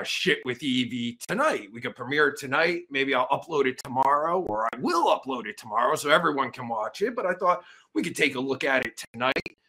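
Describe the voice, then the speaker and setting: Gravelly, animated man ranting crudely. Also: medium pitch. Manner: loud, crude, rambling, with sudden mocking outbursts. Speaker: livestream host. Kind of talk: profane livestream rant.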